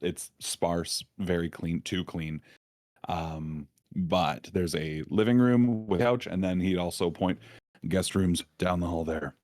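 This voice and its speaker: A man's voice: deep voice, darkish tone, dry recording, clean studio sound. A man playing a tabletop game over voice chat, rambling with ums as he describes his character's actions. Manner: rambling, quick asides, ums. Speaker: player.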